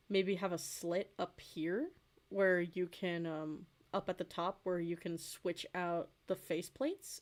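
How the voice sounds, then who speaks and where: A woman in her twenties, chatting casually and rambling with lots of fillers while she draws on a livestream, easily amused. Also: fairly low pitch. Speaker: streamer and artist.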